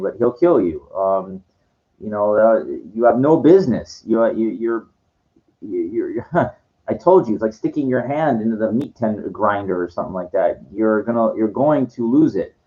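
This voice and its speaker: A man's voice: fairly low pitch, normal speed, dark tone. Condescending man ranting, lo-fi sound. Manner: condescending, lecturing, stumbling restarts. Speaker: vlogger answering viewer comments. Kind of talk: ranting monologue to camera. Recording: dull lo-fi sound.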